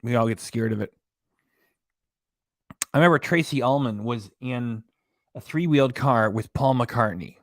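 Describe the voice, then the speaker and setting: A reaction livestream host with a medium-pitched voice talks at a moderate pace, pausing often. He drifts between topics, chatting and reading viewer comments and web pages aloud, and the recording is dry and clean.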